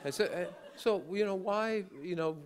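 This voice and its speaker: A man in his sixties giving an award acceptance speech at a podium, telling an anecdote in a halting way with many uh fillers and dry, wry humor. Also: high-pitched, a crowd in the background, noisy background. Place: large banquet hall on stage.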